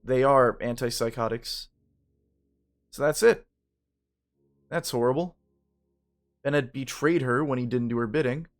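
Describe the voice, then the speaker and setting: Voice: medium pitch, unhurried, pauses often, soft background music. Casual first-person game narrator. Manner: even, casual reading with asides. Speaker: narrator reading a story game.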